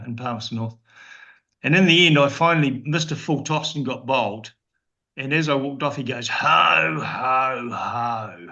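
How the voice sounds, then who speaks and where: The guest, a retired cricketer from New Zealand in his sixties, sounds pushed and bright at a medium pitch. He tells meandering, drily humorous tales with many restarts in a casual interview captured on a dull lo-fi podcast recording.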